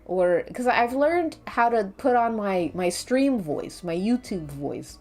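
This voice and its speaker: A woman's voice: medium pitch, animated, takes it slowly, a little mellow. A woman with a light Latina accent, chatting casually with her stream chat in a playful, talkative way. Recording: faint background music.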